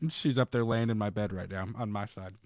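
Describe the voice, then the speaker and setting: A man's voice: on the low side, steady tone, fairly quick, darkish tone. A man co-hosting a podcast, telling a long story in casual chat, rambling with many fillers and restarts. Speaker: podcast co-host.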